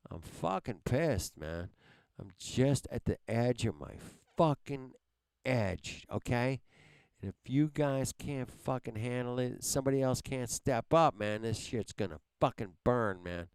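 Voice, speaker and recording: A man's voice: medium pitch, lively intonation, unhurried, a little mellow, clean tone, dry recording. A man hosting a live stream from a home computer, giving a frustrated, profane rant at his viewers and begging for help.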